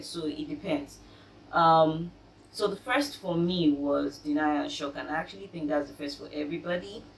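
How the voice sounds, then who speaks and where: A young woman telling her own story of grief with faith, speaking softly and haltingly, with many pauses and fillers. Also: low voice. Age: young adult. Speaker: vlogger sharing her grief. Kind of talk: personal faith testimony. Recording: roomy, distant mic, faint noise.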